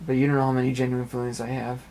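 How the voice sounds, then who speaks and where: Young man, earnest personal monologue, rambling and repetitive, flat monotone pitch, mid-range voice. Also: rapid-fire, creaky. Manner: earnest, rambling, repeats phrases. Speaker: amateur web radio speaker. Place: apartment.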